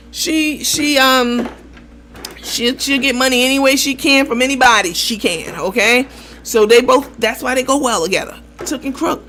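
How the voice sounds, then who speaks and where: A woman hosting a casual gossip commentary show, talking in a lively, profane way and acting out the voices of the people she quotes. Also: sits high, a little hiss or hum. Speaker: host.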